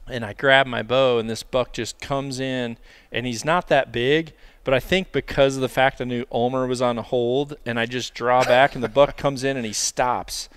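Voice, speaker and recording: A man's voice: mid-range voice, smooth, no room sound. A man telling a bowhunting story in casual chat, acting out the dialogue and laughing as he goes. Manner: animated, acts out dialogue, laughs while telling. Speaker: podcast guest, bowhunter.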